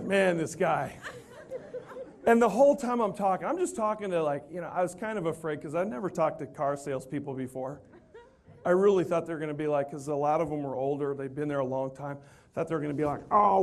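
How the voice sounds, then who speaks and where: Animated man telling a funny story. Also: a little high. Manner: animated, self-deprecating, acts out the people in his story. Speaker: motivational speaker. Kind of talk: humorous storytelling speech.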